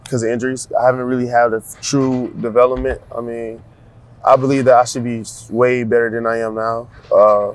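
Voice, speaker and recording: A young man, a college football player, answering interview questions in a soft-spoken, halting way with many fillers and restarts. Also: medium pitch. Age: young adult. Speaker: college football cornerback guest.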